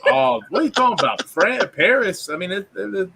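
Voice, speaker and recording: A man hosting a podcast, joking loudly with crude banter in casual chat. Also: high voice, animated, brisk, gravelly, slight background noise. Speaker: podcast host.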